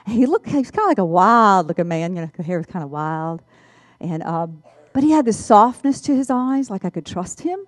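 A woman recounting a story with a lively, swooping voice that rises and falls freely. The sound is dry and close, with no room around it. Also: medium pitch, fairly quick, no echo. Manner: animated, acts out voices. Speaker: speaker giving a testimony. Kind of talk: storytelling testimony.

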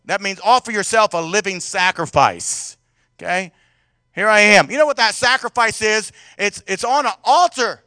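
A male pastor preaching with a high, bright, ringing voice. He talks to the congregation conversationally, throwing questions at them, and swings from loud outbursts to quiet, intimate stretches. The sound is close and dry. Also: normal speed, dry recording. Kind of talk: sermon.

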